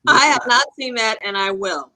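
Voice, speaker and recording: A woman's voice: a little high, moderate pace, bright, forceful tone, dry recording, low-quality recording. A woman hosting a casual livestream chat, playful and cheeky, swearing freely, over a video call. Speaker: host.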